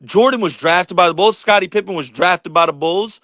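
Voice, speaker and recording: A man's voice: high voice, normal speed, fairly bright tone, no room sound. A man co-hosting a basketball talk stream, answering the chat and stumbling over repeated words while making his case. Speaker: livestream co-host reading chat. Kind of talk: casual sports debate chat.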